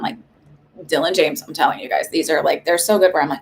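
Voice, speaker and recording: A woman's voice: low voice, steady tone, fast talker, vocal fry, a little hiss or hum. A woman giving casual psychic readings on a live stream, chatty and reassuring, with many likes and ums.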